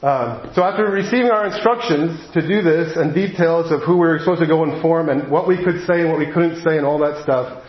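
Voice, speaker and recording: A man preaching a sermon, telling a personal story in an earnest way and slowing down on the heavy moments. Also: on the high side. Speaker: pastor. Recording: echoey hall, dull lo-fi sound.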